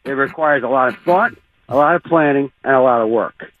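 A middle-aged man, an actor guest telling animated, showman-like stories in a casual radio interview. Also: mid-range voice, a little fast. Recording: tinny phone line.

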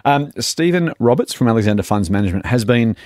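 A man with an Australian accent hosting a finance podcast in casual chat, animated and quick to get exasperated. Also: mid-range voice, no echo, studio quality. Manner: animated, exasperated about complainers.

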